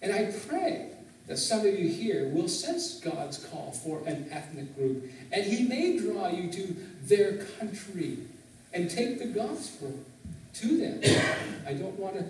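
A man's voice: high-pitched, big pitch swings, measured pace, darkish tone. A man preaching a sermon as pastor, teaching and asking the congregation frequent questions. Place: church sanctuary, in Canada. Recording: very echoey hall, voice from a distance.

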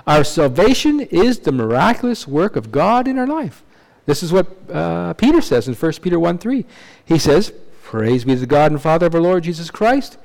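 A man with a somewhat high-pitched voice delivers a sermon as a preacher. He teaches conversationally, tossing in tag questions and repeating words as he restarts his phrases. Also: a little mellow, rough recording. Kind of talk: expository sermon.

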